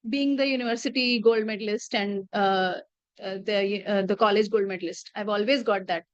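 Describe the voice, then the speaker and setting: This teacher, a woman in her late thirties with an Indian accent, shares stories from class in a chatty manner, mixing in Hindi phrases. She speaks in a mid-range voice with a steady tone and moderate pace. The dry recording sounds slightly muffled.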